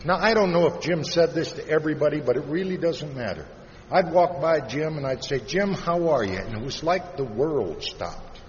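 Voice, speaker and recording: A man from Iowa giving a plain-spoken personal recovery talk to a live audience, turning soft and slow on the heavy parts. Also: on the high side, expressive. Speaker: recovery meeting speaker. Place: large convention hall. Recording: dull, reverberant hall recording with faint hiss.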